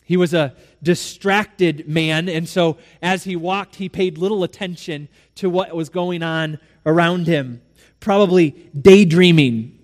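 A male pastor delivering a sermon in a church, telling a story with dramatic swings between soft and loud. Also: fairly high pitch, measured pace, long reverb tail.

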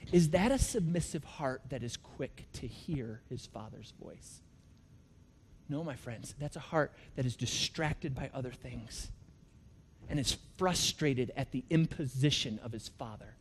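A man preaching a sermon, telling stories in an animated way and swinging from loud to hushed. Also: on the high side, a little hiss or hum. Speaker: pastor.

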